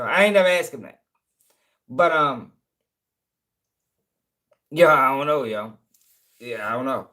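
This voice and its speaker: A man's voice: mid-range voice, animated, slow pace, pauses often, bright, forceful tone. Profane man telling a story. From Baltimore, USA. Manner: profane, rambling, with repeated check-ins to listeners. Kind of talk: casual storytelling.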